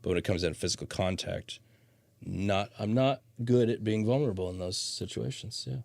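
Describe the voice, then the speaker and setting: A man's voice: lowish voice, fairly quick, vocal fry, a little mellow, no room sound, clean studio sound. Laid-back man telling a rambling story. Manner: swears freely, rambling storyteller with laughs. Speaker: podcast host. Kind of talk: casual chat.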